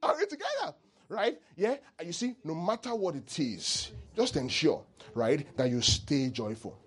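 A man preaching a sermon as pastor, animated and teasing, leading the congregation in call-and-response. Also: fairly high pitch, measured pace.

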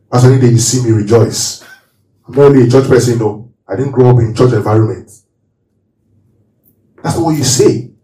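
A man's voice: mid-range voice, fairly quick, long pauses, dark tone. A man preaching as a pastor, leading his congregation through call-and-response Bible reading and teaching from the verses. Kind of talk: sermon. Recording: roomy hall, voice from far off.

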